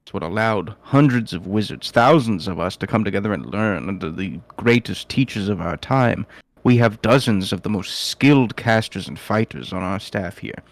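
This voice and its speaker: A man's voice: fairly low pitch, expressive, normal speed, no room sound. A man voicing a proud, stern old male wizard who heads a school.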